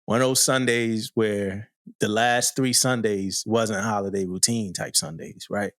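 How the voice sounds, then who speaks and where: A man's voice: on the low side, steady tone, unhurried, a bit bright, no echo, clean studio sound. A man, a podcast co-host, telling a story in a loose, slangy way, often laughing and asking "you know what I mean". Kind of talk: casual storytelling chat.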